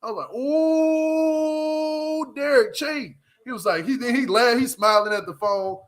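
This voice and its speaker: A man's voice: high voice, quick pace, a bit bright. A man hosting a casual livestream, reviewing a reality show, laughing often as he retells scenes with lots of slang.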